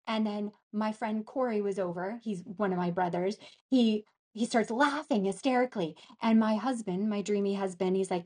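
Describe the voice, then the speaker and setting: A middle-aged woman talking as an interview guest, halting and restarting often as she searches for words. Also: mid-range voice, darkish tone. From northern Canada. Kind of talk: casual conversation.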